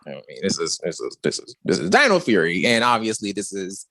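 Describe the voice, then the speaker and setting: Man, podcast co-host, lively up-and-down delivery, dry close sound, casual chat. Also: on the low side, a little fast, vocal fry, no room sound. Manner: animated, expressive storyteller.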